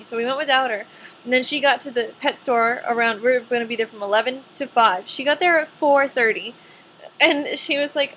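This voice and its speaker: Bright-voiced chatty teen girl vlogger. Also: sits high, brisk, a little hiss or hum. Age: young adult. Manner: chatty, says "like" a lot. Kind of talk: casual chat to camera.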